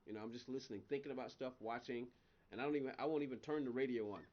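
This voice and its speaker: A man's voice: mid-range voice, very fast, lo-fi sound. A man chatting casually on a live game stream, rambling between stories and laughing often. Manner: chatty, laughs often, voice jumps up when excited. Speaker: gaming livestream host.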